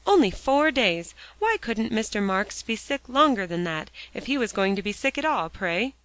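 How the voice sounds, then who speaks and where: A woman's voice: mid-range voice, very animated, normal speed, a bit bright, no room sound, pitched above the performer's own voice. A woman voicing a sulky, hot-tempered schoolboy who grumbles indignantly, in a dry, close recording.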